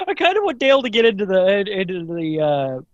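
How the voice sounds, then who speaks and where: A man co-hosting a podcast in casual chat, his voice a little high for a man and swinging widely in pitch. He sounds animated, laughs often and reads out his notes. The recording is dry and close. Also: moderate pace, no room sound, dull audio. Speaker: podcast co-host.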